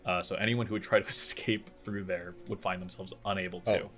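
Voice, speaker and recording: A low-voiced man runs a tabletop game, explaining rules and narrating the scene. He stumbles over his words with frequent fillers and restarts. Faint music plays behind him. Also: steady tone, a little fast, a bit bright. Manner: hesitant, many fillers and restarts. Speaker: game master.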